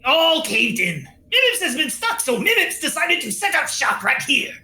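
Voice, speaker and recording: A woman's voice: sits high, big pitch swings, normal speed, sharp tone, echoey room, slight background noise, heavily acted. A woman voicing a small, pushy male merchant from underground who talks in broken grammar and calls himself by name.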